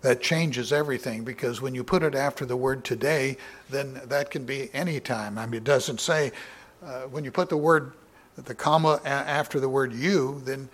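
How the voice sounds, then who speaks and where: A man's voice: medium pitch, moderate pace. Man teaching scripture, frequent fillers. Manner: reads scripture aloud with raised emphasis, then explains casually with fillers. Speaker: Bible teacher. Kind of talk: Bible study sermon.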